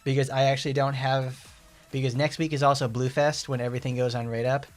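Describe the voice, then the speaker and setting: A man giving casual gameplay commentary as a streamer, rambling, excitable and often correcting himself. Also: mid-range voice, quick pace, soft background music. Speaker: gaming streamer.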